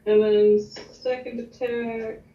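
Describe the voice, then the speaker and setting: A woman's voice: fairly high pitch, level tone, slow. A woman playing in a tabletop game, talking casually and a little unsure about the rules. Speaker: player. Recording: dull, roomy, faint noise.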